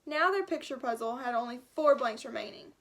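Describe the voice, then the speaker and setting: High-voiced woman teacher reading aloud. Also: brisk. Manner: lively, animated character voices with asides and laughs. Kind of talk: storybook read-aloud.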